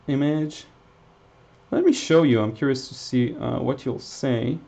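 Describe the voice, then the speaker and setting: A man's voice: mid-range voice, dull audio. Chatty man streaming a painting lesson. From Israel. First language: Hebrew. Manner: relaxed and chatty, many fillers, short laughs. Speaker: watercolor painting instructor. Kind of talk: live-stream painting demo, reading chat.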